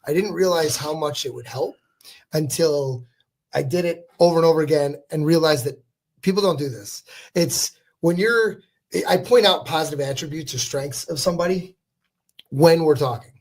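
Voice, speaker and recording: A man's voice: on the high side, normal speed. A man co-hosting a podcast, speaking earnestly in casual chat and playing out quoted exchanges. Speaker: podcast co-host.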